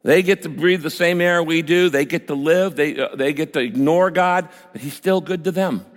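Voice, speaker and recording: A man's voice: a little high, moderate pace. An older man preaching a sermon as pastor, telling a personal story and building to emphatic outbursts. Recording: long hall reverb.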